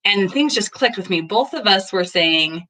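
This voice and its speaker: Earnest mom chatting about parenting. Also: female voice, mid-range voice, animated, normal speed, sharp tone. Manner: earnest, acts out little dialogues. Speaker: parenting vlogger. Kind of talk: casual talk to camera. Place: home, just in from the garden.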